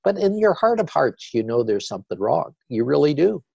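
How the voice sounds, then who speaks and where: Animated older man telling his story. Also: a little high, brisk, creaky, husky, no room sound, lo-fi sound. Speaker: guest. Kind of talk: storytelling interview.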